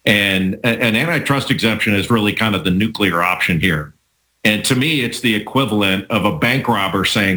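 Man, low voice, bright forceful tone, measured arguing, debate chat. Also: low-quality recording. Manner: measured, argumentative, many restarts.

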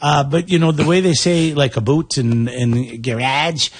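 A man's voice: on the high side, fairly even intonation, unhurried, breathy edge, dry recording. A man co-hosting a casual podcast chat, rambling and amused, with many fillers.

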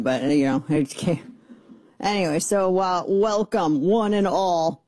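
A middle-aged woman hosting a political talk radio show, sarcastic and exasperated with quick asides. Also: fairly low pitch, a little mellow, dry recording.

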